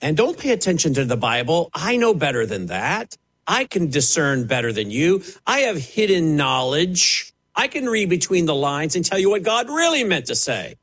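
A man's voice: on the high side, big pitch swings, moderate pace, fairly bright tone, husky, exaggerated voice. A man putting on a smug, arrogant male preacher who claims hidden knowledge, in a mocking, scornful imitation.

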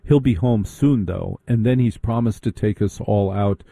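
A man with a deep, very mellow voice tells a comic story with sarcastic, mocking asides. His delivery is animated, and the recording sounds dry and close. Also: normal speed, vocal fry, no room sound.

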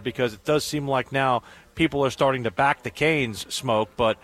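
A man's voice: mid-range voice, moderate pace, fairly bright tone. A man hosting sports radio talk, rambling and repeating words as he works through a point.

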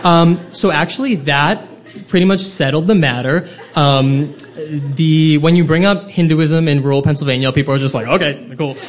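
Animated higher-voiced male storyteller. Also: moderate pace, a little hiss or hum. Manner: comic, self-deprecating, animated. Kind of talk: live personal storytelling.

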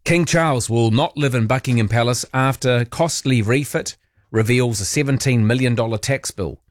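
A man's voice: mid-range voice, moderate pace, dry recording, clean studio sound. A man hosting late-night talkback radio, chatty and opinionated, with sarcastic asides. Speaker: radio talk show host. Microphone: close studio mic.

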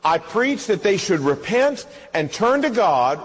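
A man's voice: high voice, unhurried, a little hiss or hum. A male pastor, preaching a sermon and acting out the dialogue of his stories with animation. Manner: animated storytelling, acts out dialogue. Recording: reverberant hall.

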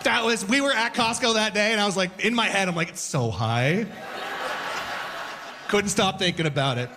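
A man doing a stand-up set on stage before a live audience, animated, breaking into shouted voices and sound effects. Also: high voice, fast. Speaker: stand-up comedian.

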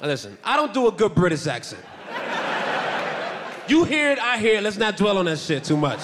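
A young man doing a stand-up set, swinging between shouty punchlines and low, muttered asides. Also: sing-song, moderate pace, very noisy. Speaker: stand-up comedian. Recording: live club recording with long reverb.

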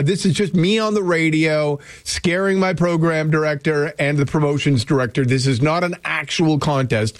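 A man's voice: fairly high pitch, dry recording. A man hosting a casual radio show, wandering from one thought to the next with a joking, self-interrupting delivery. His voice is close and dry, with no room sound, like a studio booth. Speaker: radio host. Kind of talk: casual morning radio chat. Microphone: studio microphone.

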